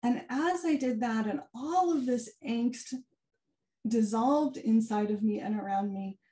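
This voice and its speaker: A woman giving a keynote talk, telling a personal story in an animated way and acting out the quoted dialogue. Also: on the high side, a little slow. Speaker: keynote speaker. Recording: far from the mic, some echo.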